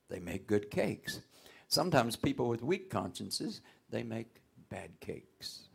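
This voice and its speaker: Gravelly raspy preacher man. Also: mid-range voice. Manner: folksy, call-and-response preaching with sudden loud outbursts. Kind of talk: sermon.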